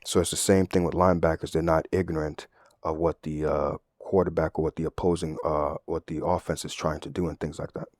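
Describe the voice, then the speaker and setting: A man with an extremely low, slightly mellow voice delivers a casual sermon at a brisk pace and in a level tone, with clean studio sound and no room sound. Teaching the Bible conversationally, he keeps checking in with "right?" and draws on everyday and sports analogies.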